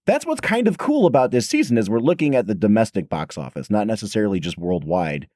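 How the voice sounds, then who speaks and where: Hoarse, lively male podcast host. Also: on the low side, quick pace, no room sound, studio quality. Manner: chatty, self-deprecating, animated storyteller. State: hoarse, raspy throat. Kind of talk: casual podcast chat.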